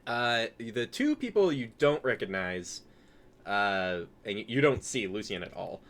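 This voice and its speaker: A man's voice: medium pitch, very animated, measured pace, a bit bright. A man running a tabletop game as game master, narrating loosely with lots of fillers.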